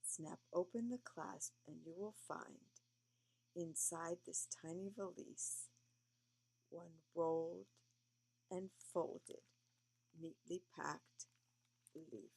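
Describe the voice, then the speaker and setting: A sleepy, yawning woman reading a picture book aloud to a young child, with gentle, chatty asides. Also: on the low side, takes it slowly, creaky, long pauses, slightly rough. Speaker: reader to a child.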